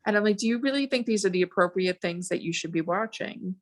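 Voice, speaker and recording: A woman in her forties, a podcast guest, talking in a rambling, animated way with many restarts. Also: medium pitch, fast talker. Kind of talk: casual podcast chat.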